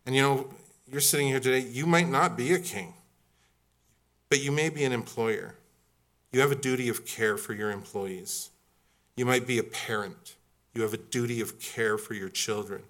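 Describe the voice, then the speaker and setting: A man's voice: mid-range voice, moderate pace, fairly bright tone. Conversational, humorous male pastor. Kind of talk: sermon.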